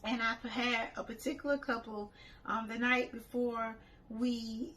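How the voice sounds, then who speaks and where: A woman's voice: on the high side, fairly even intonation, measured pace, fairly bright tone, poor audio. A woman who organizes group trips, telling a story in a casual, chatty way. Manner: chatty, laughs while retelling.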